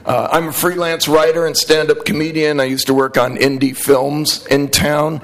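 A man's voice: fairly high pitch, flat delivery, normal speed, a bit bright, low-quality recording. A middle-aged man giving earnest, talkative public testimony at a city council hearing and arguing back when interrupted. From Portland, Oregon, USA.

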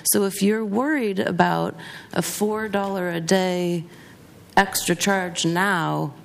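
A woman's voice: medium pitch, fairly even intonation, takes it slowly, vocal fry, slight background noise. A woman city commissioner speaking firmly and sternly at a public hearing. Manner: firm, stern. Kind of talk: official hearing remarks.

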